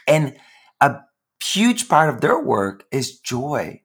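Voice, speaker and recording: A man hosting his podcast in a raspy voice, talking in a sassy, exuberant way and calling his listeners honey. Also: fairly high pitch, sing-song, unhurried, fairly bright tone. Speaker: podcast host. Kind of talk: casual chat.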